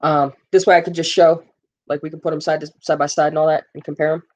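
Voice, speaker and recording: A live-stream host rambles through a game's release notes, reading figures aloud and stopping often with fillers to answer viewers in chat. The pitch sits in a middle range. The audio is a little dull and lo-fi, like a home stream mic. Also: level tone, fast, darkish tone.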